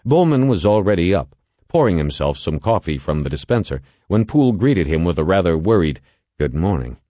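Deep dark male audiobook narrator, lots of pitch movement, dry close sound. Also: no echo. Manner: measured, expressive storytelling. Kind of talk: scripted narration.

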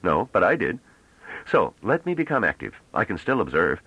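A man's voice: sits low, wildly swooping pitch, moderate pace, sharp tone, husky, no echo, muffled recording, full character voice. A man voicing a tense, restless ex-navy politician in an audiobook, impatient and sarcastic. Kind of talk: audiobook character reading.

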